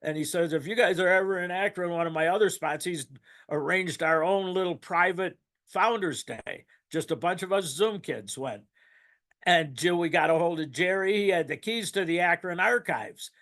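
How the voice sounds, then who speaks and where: Older guy telling his story at a meeting, meandering, gets choked up, voice on the higher side. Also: normal speed, a bit bright. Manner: rambling, emotional, laughs and chokes up. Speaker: speaker at a recovery meeting. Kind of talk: personal testimony, casual storytelling.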